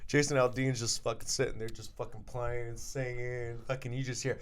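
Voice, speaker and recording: A man's voice: medium pitch, moderate pace, hardly any pauses, heavy background noise. A man co-hosting a podcast, talking in crude casual banter, swearing constantly and laughing often. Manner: profane, animated, laughs often. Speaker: podcast co-host.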